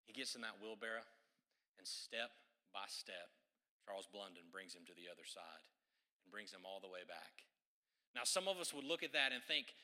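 A man preaching a sermon, telling a story with joking asides and animated delivery. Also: on the low side, normal speed.

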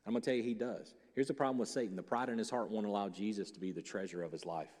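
Joking, animated male pastor in a hall. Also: lowish voice. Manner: animated and joking, swings from loud punchlines to hushed, slow reflection. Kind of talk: sermon.

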